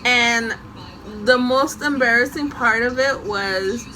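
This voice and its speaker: A young woman casually telling a story from her school days, animated and often laughing. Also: fairly high pitch, slow pace, very noisy.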